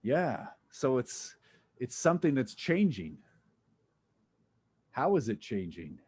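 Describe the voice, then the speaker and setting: A man's voice: mid-range voice, big pitch swings, slow pace, darkish tone, husky. A man lecturing a physics class, casual and jokey, thinking aloud as he works through problems with students. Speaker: physics instructor.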